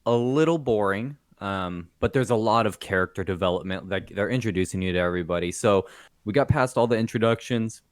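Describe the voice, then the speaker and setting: A relaxed man with a fairly low voice chats about a TV episode as co-host. He talks loosely with plenty of fillers. The recording is dry and close, with no room sound. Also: a little fast, no echo. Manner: easygoing, laughs often, filler-heavy. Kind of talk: casual TV episode review chat.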